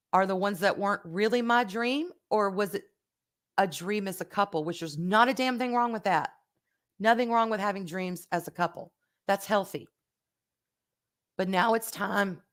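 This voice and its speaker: A woman's voice: mid-range voice, fairly bright tone. A middle-aged woman, hosting a casual livestream and reading viewer comments, talking frankly and emotionally and swearing freely. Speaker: livestream host.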